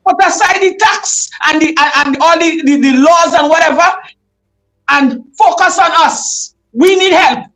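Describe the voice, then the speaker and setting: A woman's voice: high-pitched, a little slow, a bit bright, faint music behind, rough recording. A woman with a Trinidadian accent hosting a livestream, emotional and fired up, often raising her voice as she speaks out. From Trinidad and Tobago. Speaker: livestream host. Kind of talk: impassioned live commentary.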